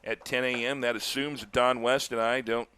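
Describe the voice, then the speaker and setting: An older man doing live baseball play-by-play, chatty and telling stories between pitches, lifting his voice on big plays. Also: level tone, normal speed, bright, forceful tone, clear, resonant tone. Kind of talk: live baseball commentary with chat.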